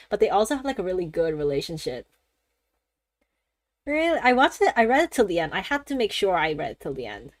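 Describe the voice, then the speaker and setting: A woman streamer chatting casually during a game, rambling and animated, laughing often and swearing freely. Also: lowish voice, brisk, dry recording. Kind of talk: casual gaming-stream chat.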